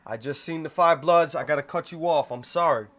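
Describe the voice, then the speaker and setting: A man hosts a comedic movie review vlog, animated and profane, breaking into quick comic skits. His voice is a little high.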